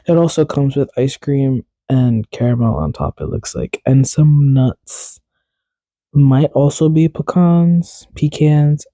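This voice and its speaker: A man's voice: mid-range voice, warm tone, no room sound. A young man hosting a podcast alone, in a casual, rambling, chatty way that often corrects itself mid-sentence. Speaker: podcast host. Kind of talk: casual solo podcast chat.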